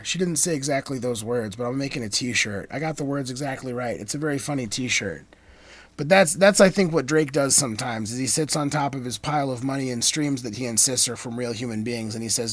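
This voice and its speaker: Man, slightly high voice, talky lyric breakdown, punchy emphasis with dropped asides, very dry close mic. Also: a little fast, no room sound. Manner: animated, digressive, swings between emphatic and low asides. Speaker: commentator breaking down rap lyrics. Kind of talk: casual lyric analysis monologue.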